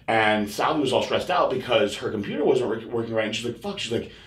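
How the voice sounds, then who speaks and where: A man hosting a podcast, telling a crude story in a rambling casual way and mimicking others in high voices. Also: expressive, fast talker, fairly bright tone, slight background noise. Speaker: podcast host. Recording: echoey room.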